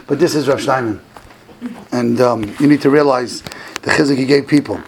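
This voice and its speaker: A man giving a Hanukkah talk to a group, telling stories with animated delivery that climbs high and loud on quoted lines. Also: moderate pace, vocal fry, crowd noise, rough recording.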